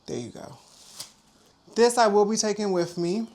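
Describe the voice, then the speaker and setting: A woman's voice: mid-range voice, lively intonation, normal speed, darkish tone, roomy sound. A woman vlogger chatting casually and sassily to her viewers at home while packing up to move, calling them girl and child.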